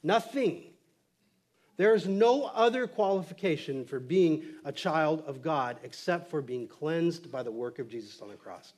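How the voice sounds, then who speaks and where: A man's voice: a little high, animated, a little slow, darkish tone. A male pastor preaching a sermon in a casual, conversational way, acting out quotes from the text with lots of fillers.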